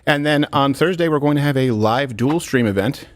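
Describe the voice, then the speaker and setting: A man's voice: mid-range voice, fairly quick, no room sound, clean studio sound. A man hosting a talk show, chatty and offhand as he interviews a guest. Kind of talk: casual interview.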